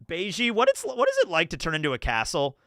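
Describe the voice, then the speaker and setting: Chatty male streamer, high and animated, quick to laugh and swear. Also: no room sound, clean studio sound. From New Jersey. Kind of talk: casual livestream commentary.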